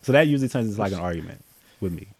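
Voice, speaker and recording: Laid-back man with a lowish voice. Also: lively intonation, racing, slightly rough. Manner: laid-back, laughs often, slangy. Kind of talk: casual group chat.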